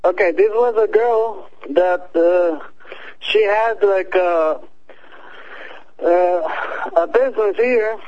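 High-voiced man, hesitant. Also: slow, dull audio. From El Salvador. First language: Spanish. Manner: hesitant, searching for words. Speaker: guest. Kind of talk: casual remote chat.

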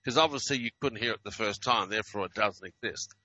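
A man with a soft Australian accent tinged with American, chatting casually as a host in a dry, sarcastic way. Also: on the low side, fast, no echo, lo-fi sound. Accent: soft Australian with slight American. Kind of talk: casual podcast chat.

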